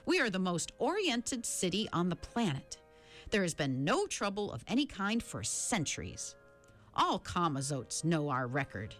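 A woman's voice: on the low side, very animated, a little slow, soft background music. A woman reading the part of an anxious boy newspaper carrier who recites his words stiffly, as if from a manual. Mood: stiff, recited.

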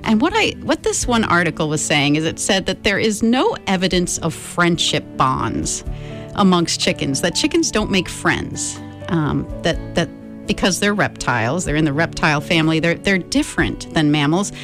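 A woman's voice: fairly low pitch, very animated, normal speed, music in the background. A woman reading a picture book aloud as storyteller, talking directly to her listeners in a friendly way.

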